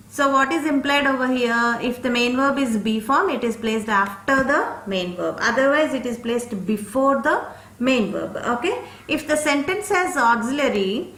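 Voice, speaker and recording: A woman's voice: fairly high pitch, a bit bright, reverberant. A woman teaching an English grammar lesson, explaining step by step and checking in with "okay?" after each point.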